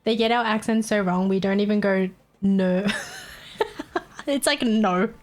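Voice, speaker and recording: A woman's voice: medium pitch, normal speed. An Australian woman chatting casually on a live stream, giggling constantly and swearing freely. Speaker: livestreamer.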